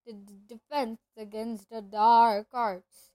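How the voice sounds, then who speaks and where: A woman reading aloud, voicing a nervous, pale young male teacher who stammers and drags his words out slowly. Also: on the high side, flat delivery, a little mellow, dry recording. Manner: stammering, hesitant, slow.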